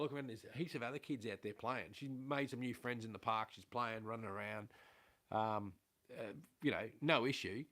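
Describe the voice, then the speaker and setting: A man's voice: mid-range voice, normal speed, fairly bright tone. A middle-aged Australian man chatting loosely on a livestream from home, rambling from one thing to the next and swearing freely. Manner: rambling, swears freely, self-aware about waffling. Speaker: livestream host. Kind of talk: casual rambling livestream chat. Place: at home indoors.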